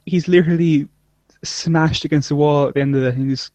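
A man's voice: fairly high pitch, fairly even intonation, fairly quick, mellow, no echo, dull audio. A man co-hosting a casual chat, rambling and often trailing off mid-thought. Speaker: podcast co-host. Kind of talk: casual chat reviewing an episode.

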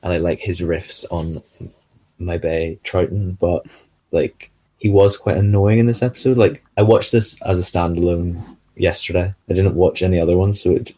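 A man co-hosting a casual chat about an episode, pausing to search for words. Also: deep voice, steady tone, warm tone. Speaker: podcast co-host.

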